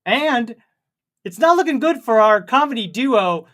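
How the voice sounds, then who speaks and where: A man's voice: very high-pitched, animated, measured pace, a bit bright. Rambling jokey man reading chat. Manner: rambling, jokey and self-mocking. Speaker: co-host of a comedy livestream. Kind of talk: casual chat reading viewer comments.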